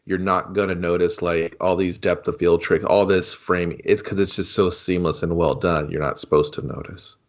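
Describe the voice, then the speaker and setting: A man's voice: low-pitched, little pitch movement, moderate pace, few pauses. A man co-hosting a movie review podcast, making emphatic points and dry jokes. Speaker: podcast co-host. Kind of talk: casual movie review chat.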